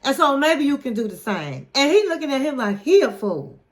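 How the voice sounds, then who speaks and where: A woman host casually recapping a reality show episode, chatty and animated, calling the viewer honey and acting out what people said. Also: sits high, fairly quick. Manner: chatty, animated retelling with quoted voices, says "honey".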